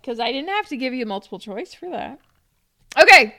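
Bright, slightly high woman running a playful quiz with lots of giggles; dry close recording. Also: big pitch swings, a little fast, gravelly, no room sound. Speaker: quiz host. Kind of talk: casual chat.

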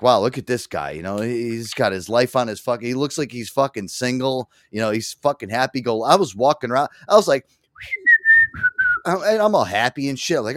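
A man hosting a talk show, telling a story in a loose, profane, animated way. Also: mid-range voice, brisk, no room sound, studio quality. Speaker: radio show host. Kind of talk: casual chat.

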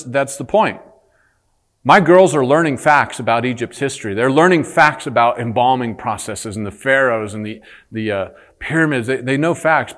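A man in his thirties preaching to his church, his voice sitting at a middle pitch. He speaks earnestly and pushes up in pitch and volume to drive a point home, then drops low and quiet for sober truths. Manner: earnest preaching, rising for emphasis, animated storytelling. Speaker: pastor. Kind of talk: sermon.

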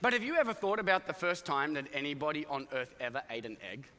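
A man's voice: a little high, fast, in a large hall. A man preaching a sermon to his congregation, joking and acting out characters as he tells stories. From Iowa, United States. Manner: animated, joking storyteller acting out voices. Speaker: pastor. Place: church auditorium with congregation.

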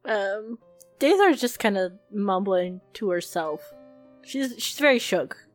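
A woman player describing her character in a tabletop game in a soft, casual way. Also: mid-range voice, animated, slow, faint music behind.

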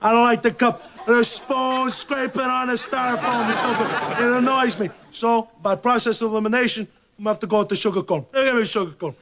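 A man's voice: very high-pitched, fairly even intonation, fairly quick, creaky, hardly any pauses, a bit bright, heavily acted. A man playing a fussy, rambling man picking ice cream in a comedy sketch. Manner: rambling, opinionated about flavors. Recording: crowd chatter behind.

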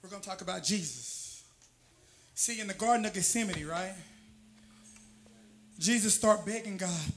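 A man preaching a sermon in a church, impassioned and repetitive, building to shouts. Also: high voice, expressive, normal speed, long pauses. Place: church with an altar.

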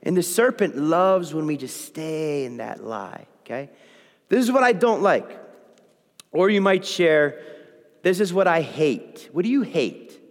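A man's voice: fairly high pitch, a little slow. A man preaching a sermon to a live congregation, acting out quoted prayers and complaints as he goes. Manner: animated, acts out quoted prayers. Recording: long reverb in a hall.

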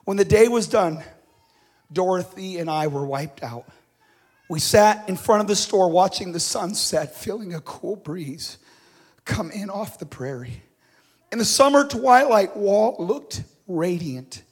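Male preacher, storytelling sermon; slightly high voice, dramatic swells and soft drops. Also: expressive, a little slow. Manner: dramatic readings with swelling and dropping loudness.

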